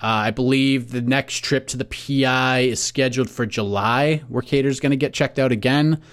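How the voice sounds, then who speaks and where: Relaxed American man reading matchups. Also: medium pitch, moderate pace. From United States. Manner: relaxed, reads lists of matchups. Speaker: podcast co-host. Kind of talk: casual sports podcast chat.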